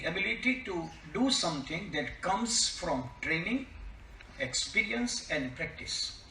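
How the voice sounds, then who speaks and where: An older man with a Gujarati accent delivers a keynote lecture in an emphatic, questioning way, weighing each key word. His voice sits high and sounds sharp. He is picked up from some distance in an echoey college hall. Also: creaky, a little hiss or hum. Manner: emphatic, stresses single words and asks rhetorical questions. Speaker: keynote speaker. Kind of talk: formal lecture.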